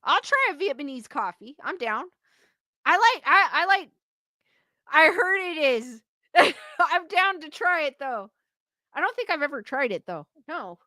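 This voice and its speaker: A woman's voice: sits high, sharp tone, no room sound, studio quality. A young woman hosting a casual livestream, chatting and giggling as she reads out viewers' comments. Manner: chatty, giggly, quotes chat names aloud. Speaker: livestream host.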